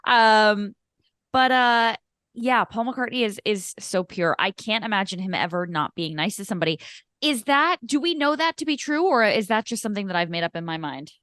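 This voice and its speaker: Lively chatty woman podcast co-host. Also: medium pitch, normal speed, smooth, dry recording, studio quality. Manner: chatty, rambling, laughs often. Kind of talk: casual chat.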